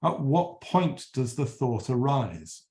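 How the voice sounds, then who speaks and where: A middle-aged man delivers an academic philosophy lecture in a mellow, relaxed tone. He speaks in a measured way, pressing hard on key points and often correcting himself mid-sentence with small fillers. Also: medium pitch. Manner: measured, emphatic, with frequent fillers and self-corrections.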